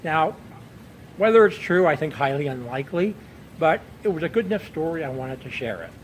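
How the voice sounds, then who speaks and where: Rambling, pitched-up man outdoors at night. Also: animated, fairly quick, slight background noise, low-quality recording. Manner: rambling, chuckling storyteller. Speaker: pipe-smoking vlogger. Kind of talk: casual chat.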